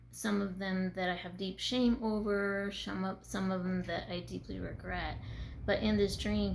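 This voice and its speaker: A woman speaking in a conversational, earnest way as she shares a personal faith testimony. Her voice has a gravelly edge. She sounds tired and teary, sometimes dropping into a whisper. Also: medium pitch, a little hiss or hum. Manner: earnest, conversational, with soft laughs and trailing whispers.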